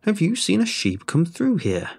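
A man putting on a creaking old hag. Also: high voice, huge pitch swings, normal speed, pitched above the performer's own voice, full character voice. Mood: mock-gentle. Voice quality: creaking, rasping. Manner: mock-gentle, cackling, hissing.

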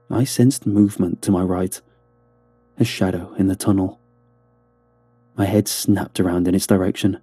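A male narrator tells a first-person horror story with a tense, dramatic delivery. His voice is low, dark and husky. The recording is dry and close, with faint music underneath. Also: dry recording.

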